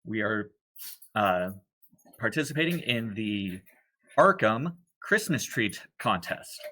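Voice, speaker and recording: Bright-voiced man running a tabletop game. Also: fairly low pitch, slow, poor audio. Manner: relaxed, occasionally losing his train of thought. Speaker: game master. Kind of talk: narrating a tabletop horror game.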